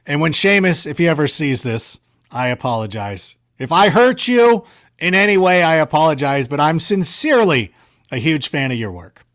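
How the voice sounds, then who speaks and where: A man being interviewed, casually rambling through stories in an animated, self-correcting way with a sarcastic streak. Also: on the high side, normal speed. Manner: sarcastic banter. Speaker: guest. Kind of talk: casual storytelling.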